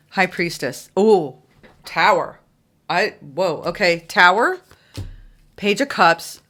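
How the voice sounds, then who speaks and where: A woman's voice: a bit bright, a little hiss or hum. A woman giving a casual, chatty tarot reading, exclaiming often and acting out little quoted exchanges. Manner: chatty, exclaiming, acts out quotes in high voices. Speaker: tarot reader.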